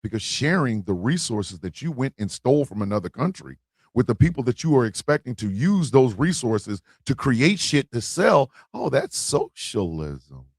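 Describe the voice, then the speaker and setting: A man's voice: mid-range voice, very animated, moderate pace, a little mellow, slightly rough, no room sound. Ranting man, dry close sound. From United States. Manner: ranting, emphatic repetition, blunt swearing. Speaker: host. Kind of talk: political livestream monologue.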